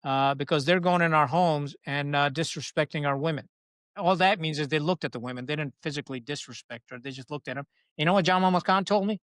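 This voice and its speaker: A man in a podcast interview, telling frank stories in a blunt, salty, animated way. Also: fairly high pitch, fast, no echo. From Pakistan. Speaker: podcast guest, retired Marine officer. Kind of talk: candid conversational storytelling.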